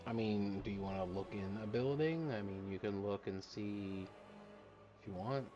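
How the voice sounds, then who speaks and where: A man's voice: fairly low pitch, moderate pace, highs cut off, over music. A man narrating as game master of a tabletop game, hesitant and full of fillers.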